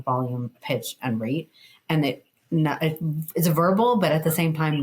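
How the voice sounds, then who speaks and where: Low-voiced woman explaining with emphasis. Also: slight background noise, low-quality recording. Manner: animated, emphatic explainer, frequent "like". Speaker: guest, communication educator. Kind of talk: casual conversational interview.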